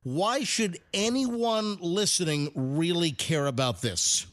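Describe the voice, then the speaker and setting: A man hosting a retirement money show, joking in a goofy, animated way. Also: high-pitched, slow pace, noisy background. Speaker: show host. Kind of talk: casual radio-style talk.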